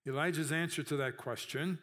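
A man's voice: a little high, fairly quick, pushed and bright. Conversational male preacher. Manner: conversational, checks in with "okay?", acts out quoted voices. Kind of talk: sermon.

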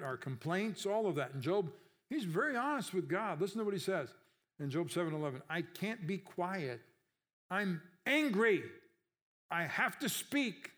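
Man preaching a conversational sermon. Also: fairly high pitch. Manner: conversational preaching with rhetorical questions. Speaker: pastor.

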